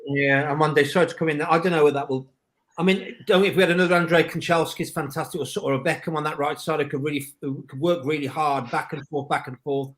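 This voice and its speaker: A man speaking as a panelist on a casual football podcast, excitable and rambling, often cutting in. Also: on the high side, fast.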